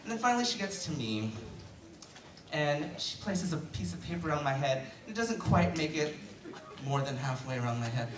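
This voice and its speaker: A teenage male student in his late teens performs a chatty stand-up routine in a school auditorium, self-deprecating and full of fillers. His voice runs on the high side with big pitch swings at a moderate pace. The handheld mic on a stand is heard from far off in an echoey hall, with a noisy background and loud crowd laughter.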